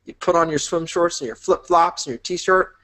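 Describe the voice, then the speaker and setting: A man's voice: fairly high pitch, moderate pace, a bit bright. A man teaching a business course in an upbeat, encouraging way, painting vivid imagined scenes for the listener. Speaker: business instructor. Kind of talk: motivational teaching talk.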